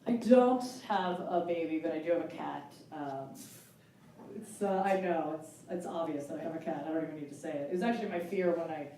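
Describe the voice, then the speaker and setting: A woman's voice: low voice, mellow, a little hiss or hum. Self-mocking woman comic in an echoey club. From United States. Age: 40s. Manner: chatty, self-mocking, quick jumps into exaggerated voices. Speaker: stand-up comedian. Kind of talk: stand-up comedy set. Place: comedy club stage with a laughing audience. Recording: echoey club sound from far off.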